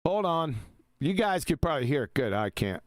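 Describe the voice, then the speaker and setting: A man co-hosting a casual live stream, mocking and laughing often, with quick asides. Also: a little high, sing-song, dry recording. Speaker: co-host.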